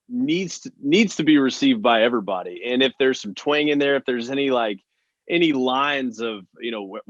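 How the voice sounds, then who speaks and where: A man's voice: medium pitch, no echo. Earnest man from Texas, dull sound. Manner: earnest, many "you know" fillers. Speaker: country singer guest. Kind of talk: casual interview chat.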